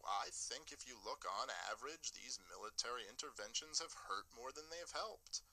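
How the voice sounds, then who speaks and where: A man putting on a mild-mannered middle-aged politician who speaks in a flat, understated, reasonable way. The voice is bright and lifted. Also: mid-range voice, moderate pace, low-quality recording. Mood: calm, reasonable.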